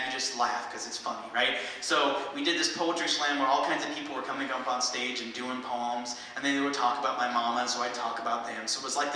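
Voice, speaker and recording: A man telling profane, jokey stories from the stage and answering audience questions. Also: on the high side. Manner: animated, jokey, swearing. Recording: echoey hall from far off, faint noise.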